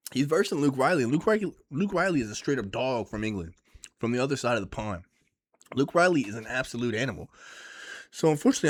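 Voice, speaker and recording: A man giving casual, profane and excitable vlog commentary on fight picks, rambling as he goes. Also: mid-range voice. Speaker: MMA fight picks YouTuber.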